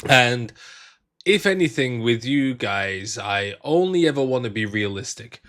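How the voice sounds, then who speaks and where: A man's voice: mid-range voice, lively intonation, unhurried, a bit bright. A young man talking casually and frankly to his viewers in a vlog, with frequent fillers and restarts. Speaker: vlogger.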